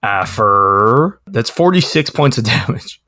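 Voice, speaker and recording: A man's voice: mid-range voice, animated, slow, bright, forceful tone. A man playing a tabletop game, describing his character's moves eagerly. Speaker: player. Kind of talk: casual tabletop play.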